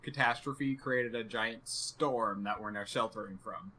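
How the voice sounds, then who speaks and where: Bright-voiced, wry male player. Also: lowish voice, a little slow, slightly rough. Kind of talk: casual chat on a game stream.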